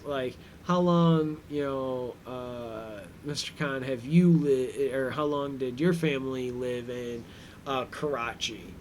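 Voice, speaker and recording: A man talks through a show episode in an easygoing commentary, circling back on his words and filling pauses with ums. His voice sits at a middle pitch. A faint hum stays underneath. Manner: rambling, lots of fillers and restarts, chuckling. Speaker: commentary track host. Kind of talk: casual recap commentary.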